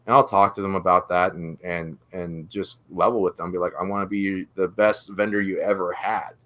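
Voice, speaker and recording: A man's voice: low voice, steady tone, moderate pace, fairly bright tone. A man chatting on a livestream as a guest, eager and talking on and on. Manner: eager, talks on and on. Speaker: guest vending operator. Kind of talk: casual livestream chat.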